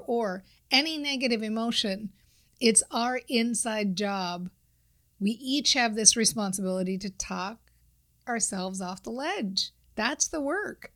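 Earnest woman giving a motivational talk. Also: a little high. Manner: earnest, repetitive self-talk phrasing. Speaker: podcast host, mindset coach. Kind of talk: motivational monologue.

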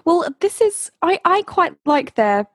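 A woman's voice: very high-pitched, very animated, a little slow, no room sound, studio quality. A woman co-hosting a podcast, chatting casually and with frequent giggles about a TV episode. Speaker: podcast co-host. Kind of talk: casual chat recapping a TV show.

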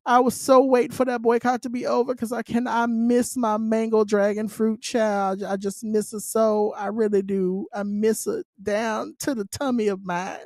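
A woman co-hosting a casual podcast, talking playfully and dramatically, swinging from loud bursts to quiet asides. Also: fairly high pitch, little pitch movement, normal speed, hardly any pauses, no echo, studio quality. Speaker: podcast co-host.

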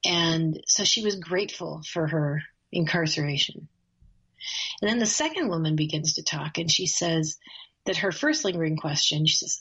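A woman's voice: low-pitched, moderate pace, creaky, fairly bright tone, husky, lo-fi sound. A woman telling a personal story in a casual conversation, speaking earnestly with frequent small laughs and restarted phrases. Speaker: guest, course facilitator.

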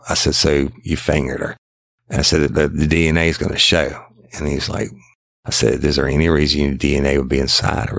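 A man's voice: a bass voice, dry recording. A middle-aged man, telling a past police case in a blunt, profane, casual podcast style and acting out the interrogation himself. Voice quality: gravelly, repetitive restarts. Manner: blunt, profane, acts out both sides of an interrogation. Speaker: retired detective telling a case.

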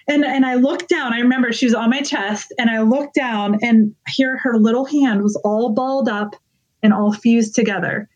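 Interview guest, woman, higher voice, emotional and earnest storytelling, muffled lo-fi audio. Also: steady tone, darkish tone. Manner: earnest, emotional retelling, quick bursts. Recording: dull lo-fi sound.

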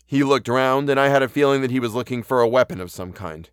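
A man hosting a podcast and reading a horror story aloud in a measured, earnest way. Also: medium pitch, clean tone, no echo, clean studio sound. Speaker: podcast host and audiobook narrator.

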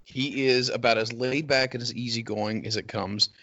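A man's voice: mid-range voice, steady tone, moderate pace, pushed and bright. A man hosting a casual podcast, asking the guests questions in an easygoing way. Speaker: podcast host. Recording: dry dull lo-fi sound.

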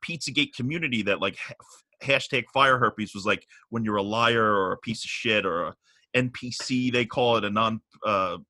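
Animated, profane man telling a story. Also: on the low side, normal speed, dry recording. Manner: animated, profane, gets riled up. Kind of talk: casual podcast storytelling.

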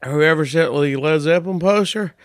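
A man hosting a casual show, thanking viewers for gifts in a slow, offhand way with many fillers, feeling lightheaded and queasy. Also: a little high, smooth, no room sound, clean studio sound. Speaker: host. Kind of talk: casual chat.

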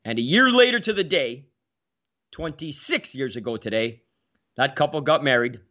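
A man around sixty hosts a casual sports talk show, spinning hockey stories with animated energy and frequent repeated words. His voice sits at a middle pitch. The recording is slightly dull and lo-fi. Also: moderate pace. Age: about 60.

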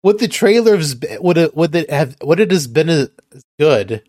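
Guy hosting a podcast, chatty, kinda halting, dry sound. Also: fairly high pitch, big pitch swings, a little mellow, dry recording. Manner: rambling, halting, chuckles often. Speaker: podcast host. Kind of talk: casual chat.

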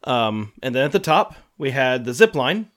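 This podcast co-host speaks at a moderate pace in a medium, fairly bright voice with big swings in pitch. His casual storytelling rambles, leans heavily on fillers, and acts out quotes.

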